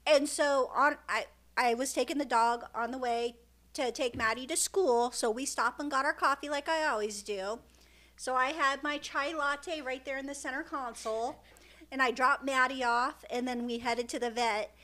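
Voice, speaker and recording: A woman's voice: sits high, fairly even intonation, moderate pace, sharp tone. A middle-aged woman, a mother and podcast co-host, telling a funny story in casual chat and often laughing.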